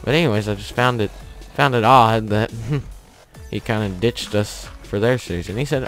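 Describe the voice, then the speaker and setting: A young man talks casually over his gameplay, rambling and chuckling as he tells a story. His voice sits very low. Soft game music plays faintly behind him. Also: moderate pace. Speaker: gaming channel host.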